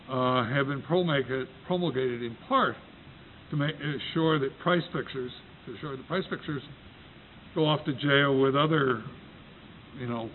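A man from the United States moderating a panel, introducing the topic with frequent restarts and a wry story. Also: mid-range voice. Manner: halting, self-correcting, wry storyteller. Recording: tinny phone-like recording with faint noise.

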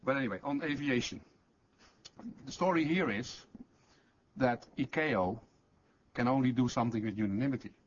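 A man's voice: medium pitch, normal speed, long pauses. A man on a discussion panel, making an earnest point-by-point rebuttal in slightly non-native phrasing. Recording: dull lo-fi conference recording, faint noise.

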